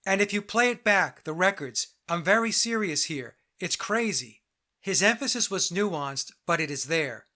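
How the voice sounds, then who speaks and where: A man hosting a commentary podcast, reading his narration in a measured, deliberate way. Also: high voice, lively intonation, sharp tone. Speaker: podcast host.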